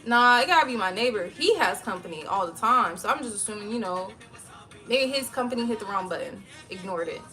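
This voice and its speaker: A woman streaming from home, chatting casually with her viewers and telling a story in a lively, profane way. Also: on the high side, brisk, faint music behind. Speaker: live streamer.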